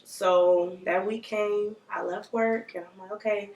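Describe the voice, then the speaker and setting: A young mother in a relaxed, chatty conversation with friends. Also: mid-range voice, unhurried, a little hiss or hum. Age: young adult. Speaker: young mother sharing her experience. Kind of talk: casual chat with friends. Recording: echoey room, distant mic.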